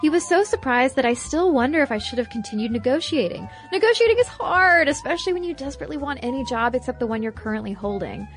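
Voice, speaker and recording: Expressive higher-voiced woman podcast co-host. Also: quick pace, few pauses, faint music behind. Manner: expressive reading with animated pitch jumps. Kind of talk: reading listener mail and ads.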